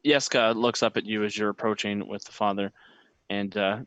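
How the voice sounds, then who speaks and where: A man narrating as game master of a tabletop role-playing game, relaxed, with many fillers. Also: on the low side, moderate pace, dry recording, muffled recording.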